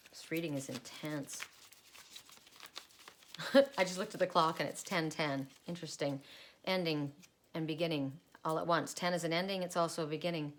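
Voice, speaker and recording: Woman card reader, middle-aged, low-ish voice, thinks out loud and repeats messages as she goes. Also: steady tone, moderate pace, long pauses, a little hiss or hum. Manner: musing aloud, repeating card messages, rambling asides. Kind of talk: solo oracle card reading.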